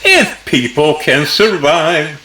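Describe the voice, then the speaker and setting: A man reacting casually, musing slowly over what he sees. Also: on the high side, expressive, sharp tone, slightly rough.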